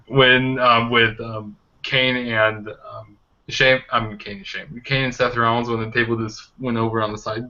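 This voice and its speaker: Young male host, rambling casual talker, bright edge, muffled lo-fi call sound. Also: mid-range voice, fairly even intonation, a little slow. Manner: rambling, many fillers. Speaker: wrestling show reviewer, host. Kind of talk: casual review chat. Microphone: online call mic.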